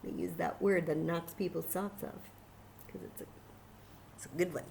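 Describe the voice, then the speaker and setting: A woman librarian reading a picture book aloud at children's story time, animated and enthusiastic, talking to the kids. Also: fairly low pitch, normal speed, gravelly, a little hiss or hum.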